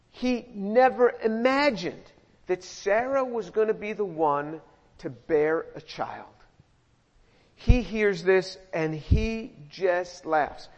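A middle-aged man preaching a verse-by-verse sermon in a conversational way, often repeating words as he goes. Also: high-pitched. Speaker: pastor. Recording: muffled sound in a reverberant hall.

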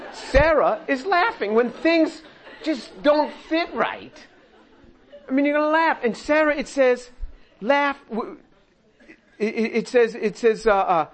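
A man preaching through a Bible passage, animated, laughing often and acting out the quoted lines in voices. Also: very high-pitched, slow pace. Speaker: pastor. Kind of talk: expository sermon reading and commenting on scripture.

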